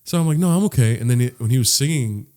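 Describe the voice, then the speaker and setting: Warm in tone and medium in pitch, this man co-hosts a podcast and speaks quickly with lively intonation. His long story wanders casually, peppered with cussing, many "like"s, and restarts.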